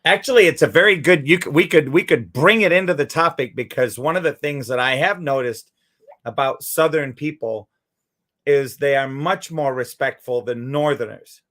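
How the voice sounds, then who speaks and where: Upbeat host guy, kinda high voice, cheering people on. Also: moderate pace, a bit bright. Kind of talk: casual chat in an audio room.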